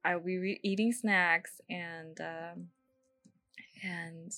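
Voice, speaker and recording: A young woman hosts a podcast, chatting casually and rambling with plenty of fillers while laughing at herself. Her voice is fairly low, pushed and bright, with a steady tone and a slow pace.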